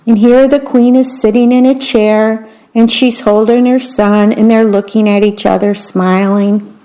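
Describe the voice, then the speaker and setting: A woman reading a fairy tale aloud, gentle with wry asides. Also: on the high side, steady tone, measured pace. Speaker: storyteller.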